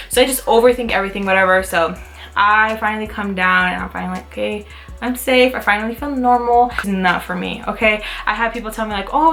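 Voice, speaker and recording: A young adult woman vlogger telling a casual storytime, talking in quick bursts full of "like" and acting out what people said. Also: medium pitch. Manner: animated, full of "like" fillers, acts out quotes. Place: Utah, United States.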